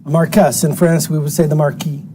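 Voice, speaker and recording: Chatty male auctioneer, slightly high voice. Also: flat delivery, a little fast, mellow, slight background noise. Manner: chatty, joking, repeats words while selling. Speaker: TV art auction host. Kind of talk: live auction sales patter. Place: TV studio.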